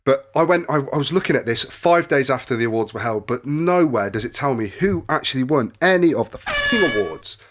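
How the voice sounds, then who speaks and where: A man's voice: medium pitch, wildly swooping pitch, fairly quick, hardly any pauses, a bit bright. Guy ranting on a podcast, voice jumps all over, swears a lot. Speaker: podcast co-host reading news. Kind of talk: casual podcast banter.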